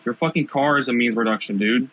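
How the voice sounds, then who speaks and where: A man hosting an online debate sounds exasperated and mocks his opponents, swearing freely as he pushes his point. His voice is bright and tense with a husky rasp. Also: medium pitch, fast talker, rough recording. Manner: exasperated, profane, mocking. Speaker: host. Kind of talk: heated casual debate.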